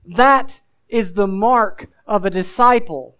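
Smooth-voiced male pastor preaching. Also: high voice, slow, sharp tone, rough recording. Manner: earnest, emphatic preaching with rhetorical questions; casual asides mixed with scripture. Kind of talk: sermon.

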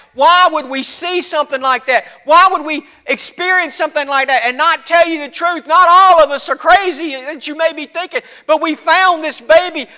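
A man voicing an excited rough shepherd with a Southern accent, stammering and insistent, his voice cracking. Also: very high voice, full character voice. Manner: stammering, insistent, shouting at times. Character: excited rough male shepherd, breathless with news.

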